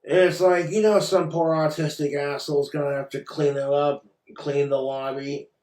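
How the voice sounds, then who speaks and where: A man's voice: a little high, level tone, normal speed, darkish tone, reverberant. A man ranting in a commentary vlog, sarcastic, exasperated and full of swearing. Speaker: commentary vlogger.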